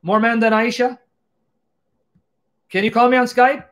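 A man hosting a live call-in debate stream, taunting and mocking his callers loudly. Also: very high voice, little pitch movement, measured pace.

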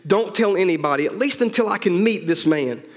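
A man's voice: high-pitched, lively intonation, fairly quick, long reverb tail, voice pushed up. A male pastor voicing a worried, loving father in a sermon story, earnest and pleading. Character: anxious, loving middle-aged father.

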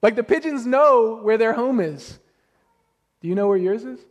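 A man preaching a sermon as pastor, animated and full of rhetorical questions to the congregation. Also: very high voice, normal speed. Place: church sanctuary. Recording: long hall reverb.

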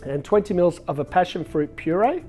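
Hosting a casual cocktail demonstration, a bartender chats cheerfully about every drink, animated and at normal speed, his slightly high voice peppered with filler words. Soft music runs faintly in the background.

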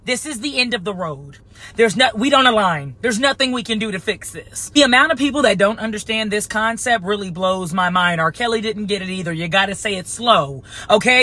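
A woman vlogger ranting to her followers in a sarcastic, exasperated way, now and then bursting into shouts. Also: fairly high pitch, animated, moderate pace, dry recording. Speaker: esthetician vlogger. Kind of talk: ranting commentary to camera.

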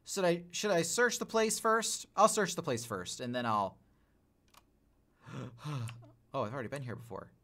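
A man streaming gameplay live, talking to himself in an excitable, jokey way with sudden yelps and swearing. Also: a little high, unhurried, pauses often. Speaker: gaming streamer.

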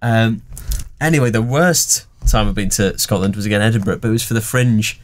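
A man's voice: lowish voice, a little fast, a little hiss or hum. A young man hosting a casual comedy podcast, telling dry, self-mocking stories. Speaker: podcast host.

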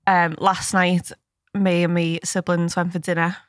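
A woman's voice: on the low side, level tone, measured pace, no room sound, clean studio sound. A woman co-hosting a podcast, chatting casually and laughing often. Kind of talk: casual chat.

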